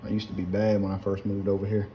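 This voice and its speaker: A man's voice: low voice, monotone, fast talker, dark tone, slight background noise. A middle-aged man with a South Louisiana accent, chatting folksily to viewers while he cooks in his home kitchen. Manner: folksy and chatty, keeps addressing viewers as guys. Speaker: home cook. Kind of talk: casual cooking demonstration. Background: pots and utensils clinking.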